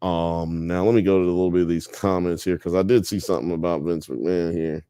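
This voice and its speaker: A man's voice: low voice, steady tone, a little fast, mellow, clear, resonant tone, dry recording, studio quality. A man hosting a live show, reading chat comments and joking around in a loose, profane, casual way.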